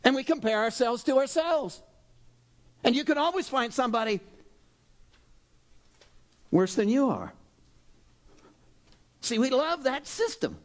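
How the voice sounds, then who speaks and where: A man preaching a sermon in an animated, dramatic way, now and then breaking into loud exhortations. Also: very high voice, measured pace, pauses often. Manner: animated, dramatic, shifts into shouted exhortations and acted quotes. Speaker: pastor.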